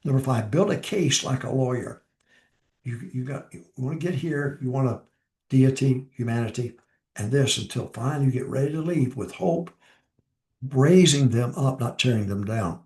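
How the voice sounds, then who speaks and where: A man's voice: mid-range voice, moderate pace, darkish tone, reverberant. An older man, a pastor, giving informal advice on preaching and repeating his key lines for emphasis.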